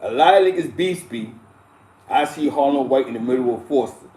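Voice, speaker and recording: A man's voice: a little high, lively intonation, fairly quick, dark tone. A middle-aged man hosting a live stream, telling stories in blunt, profane casual street talk and chuckling as he goes. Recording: roomy echo.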